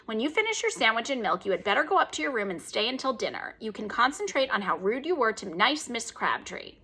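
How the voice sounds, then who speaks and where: Woman as a worried proper mother, earnest, fretful, bright lively voice, storybook. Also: on the high side, quick pace, breathy edge, heavily acted. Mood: stern.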